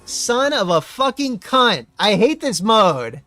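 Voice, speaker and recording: A man's voice: high-pitched, very animated, takes it slowly, no echo, soft background music. Swearing, exasperated man streaming a racing game. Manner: profane, exasperated ranting with sudden yelled outbursts. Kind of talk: live gameplay commentary.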